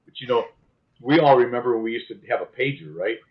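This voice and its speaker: A man's voice: mid-range voice, fast talker. A man as a guest on a casual live-stream interview, easygoing and agreeing with short affirmations. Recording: dull lo-fi stream audio.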